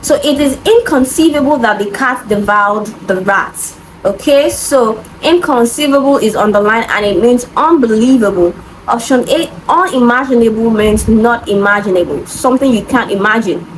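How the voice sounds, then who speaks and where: An English exam tutor with a fairly high voice takes students through exam answers step by step at a moderate pace. Patient and methodical, she frequently pauses with an "okay?" to check they're following, over a faint background hiss.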